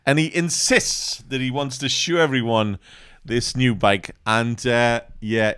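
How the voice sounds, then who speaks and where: A man's voice: mid-range voice, a little slow, fairly bright tone, clean tone. A middle-aged man co-hosting a casual live chat show, ribbing his partner with a wry tone. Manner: wry, ribbing, laughs a lot. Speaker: co-host.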